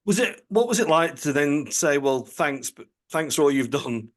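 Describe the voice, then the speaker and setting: A man's voice: fairly high pitch, expressive, moderate pace. A man hosting a podcast, asking friendly, teasing interview questions. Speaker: podcast host, priest. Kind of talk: casual interview.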